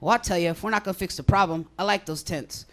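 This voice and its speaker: A young man doing a rambling stand-up set in a comedy club, deadpan and crude, high on edibles. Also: quick pace.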